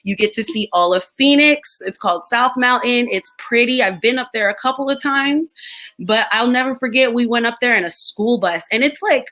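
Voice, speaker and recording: A woman's voice: on the high side, normal speed. A young American woman chatting casually on a live stream, telling stories with lots of laughter and playful impressions of other people. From United States. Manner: animated storytelling, laughs often, mimics others. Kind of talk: casual chat.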